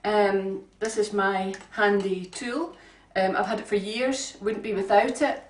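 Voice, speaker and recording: In her home kitchen, a woman talks through a recipe in a casual, homely, chatty way, with plenty of ums, as a home cook doing a cooking demonstration. Her medium-pitched voice is steady and measured, and the roomy distant-mic recording carries faint ambience and a little hiss or hum.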